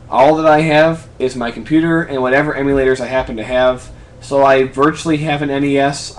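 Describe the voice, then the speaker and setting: A young man in his twenties chats through a fan Q&A from his apartment, wandering between thoughts and restarting sentences. His voice sits at an ordinary middle pitch. A faint hum of room noise runs under the recording. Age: 20s. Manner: rambling, self-correcting, chatty. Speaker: YouTube creator answering fan questions. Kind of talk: casual vlog Q&A.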